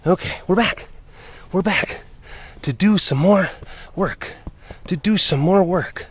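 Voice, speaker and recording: A man working as a big cat keeper, talking casually to camera and coaxing animals in a playful voice that repeats phrases and sometimes drops to a hush. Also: sits high, takes it slowly, pauses often, slight background noise.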